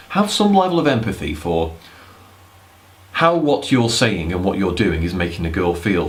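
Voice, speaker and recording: Deep-voiced man rambling advice. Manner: rambling, blunt, swears casually. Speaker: dating advice vlogger. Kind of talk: casual talking-head advice.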